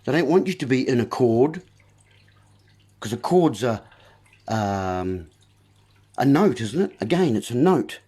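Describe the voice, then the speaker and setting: A man's voice: mid-range voice, animated, unhurried, pauses often, warm tone, husky. A man hosting a livestream, giving a rambling, preachy wordplay monologue with asides to his viewers. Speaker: livestream host.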